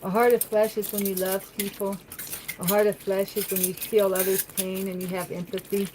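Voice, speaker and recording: A woman's voice: medium pitch, little pitch movement, moderate pace, background noise. A woman chatting on a livestream from her home, reading viewer comments aloud and answering them in a rambling way. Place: home, at the kitchen sink.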